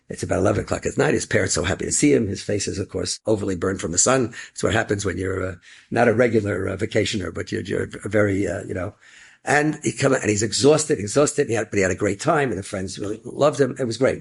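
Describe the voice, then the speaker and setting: A man's voice: on the low side, quick pace, creaky, husky. A middle-aged man with an American Yeshivish accent, a rabbi telling an inspirational story and acting out the dialogue with a rising voice. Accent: American Yeshivish English with Hebrew and Yiddish words. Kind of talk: inspirational story told to an audience.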